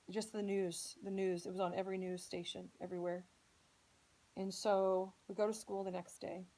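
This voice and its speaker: A woman's voice: medium pitch, creaky, a little mellow, poor audio. Earnest woman telling a personal story. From Indianapolis, United States. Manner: earnest, emotional retelling. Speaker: podcast host.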